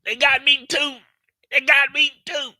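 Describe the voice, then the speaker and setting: A man's voice: very high voice, flat delivery, a little slow, pushed and bright, no echo, voice pushed up, full character voice. A man doing a grieving wounded woman.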